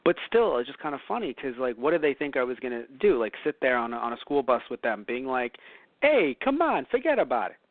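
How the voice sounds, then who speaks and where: A man's voice: mid-range voice, quick pace, few pauses, no room sound. A man from New York co-hosts a casual chat, circling his points with fillers and self-corrections. His voice sits in the middle range. The recording is dry and thin, like a phone line. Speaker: podcast co-host.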